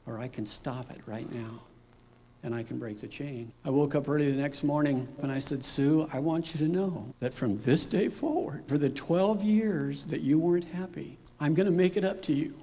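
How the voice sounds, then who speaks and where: A middle-aged father gives personal testimony, recounting his story in an unhurried, reflective way. His mid-range voice is gravelly and worn yet warm in tone. A long, hall-like reverb trails behind his words.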